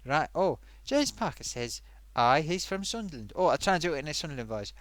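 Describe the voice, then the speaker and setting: Chatty, animated man hosting a live stream. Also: medium pitch, fairly quick, no room sound. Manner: rambling, chatty, self-amused, many fillers. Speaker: live-stream host reading viewer comments. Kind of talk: casual live-stream chat.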